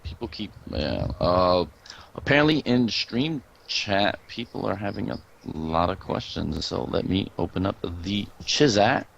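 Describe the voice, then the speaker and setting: A man's voice: on the low side, expressive, a little slow, creaky, a bit bright. A man commentating an esports draft, confident and opinionated, talking in long run-on stretches. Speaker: game caster. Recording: dull, slightly lo-fi mic with faint background hum.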